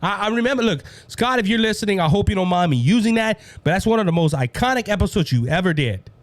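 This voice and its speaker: A fired-up Cajun man hosting a political talk show. His pitch sits high and swings widely as he preaches to his listeners. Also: animated, quick pace, dry recording. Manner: fired-up, preachy, keeps saying "ladies and gentlemen".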